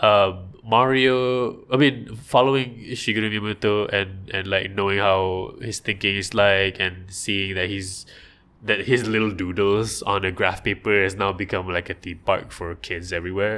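A young man, chatting casually on a podcast and telling stories with lots of laughter. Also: normal speed. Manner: animated storyteller who acts out quotes in high voices and laughs often. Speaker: podcast co-host. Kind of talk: casual chat.

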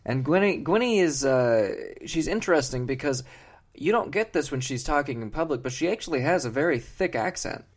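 A man co-hosting a comedy podcast, rambling on in a mock-earnest, deadpan way with many fillers. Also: fairly high pitch, a little fast. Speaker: podcast co-host.

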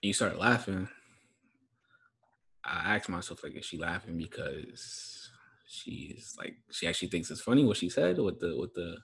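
Deep husky man, hesitant. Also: lively intonation, moderate pace, long pauses, a bit bright. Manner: hesitant, many fillers. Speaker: podcast guest. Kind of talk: casual chat.

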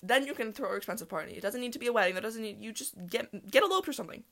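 Fast-talking young woman with vocal fry. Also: fairly high pitch. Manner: fast, rambling, full of "like" and laughter. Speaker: podcast host. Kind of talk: casual solo podcast chat.

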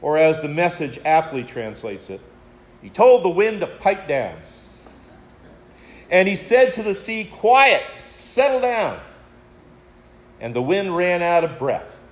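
A man's voice: on the high side, sing-song, measured pace. A man preaching a sermon, retelling a story in a reflective way and addressing his listeners as friends. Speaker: pastor.

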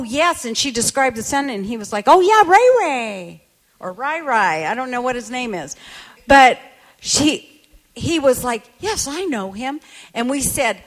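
A woman preacher telling a story in a sermon, emphatic and quoting people as she goes. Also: a little high.

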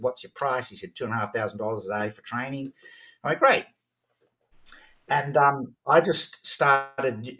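A man, telling stories animatedly as a podcast guest and acting out the dialogue he quotes. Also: mid-range voice. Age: 50s. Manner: lively, acts out quoted dialogue, frequent restarts. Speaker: podcast guest, sales coach. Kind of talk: animated storytelling in conversation.

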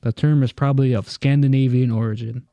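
A man's voice: medium pitch, fast, dry recording, muffled recording. A man co-hosting a casual podcast, swearing freely and reading facts aloud in a plain reading tone. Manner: profane, reads facts aloud in a flat reading tone. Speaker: podcast co-host. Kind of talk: casual chat.

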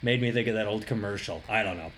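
A man's voice: on the low side, fast, fairly bright tone, slight background noise. A man co-hosting a podcast, telling news stories in a loose, joking way and laughing often. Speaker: podcast co-host. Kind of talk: casual podcast chat.

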